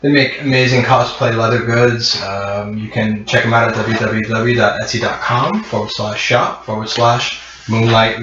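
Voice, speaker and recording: A man's voice: mid-range voice, noisy background. A man narrating a tabletop game as game master, rambling with many fillers. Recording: muffled echoey room.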